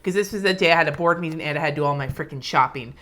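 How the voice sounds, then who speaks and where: A woman's voice: deep voice, racing, a bit bright. A woman from California chatting casually on a live stream, answering viewers by name and swearing freely as she plans her week. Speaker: planner vlogger reading live comments. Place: home, indoors.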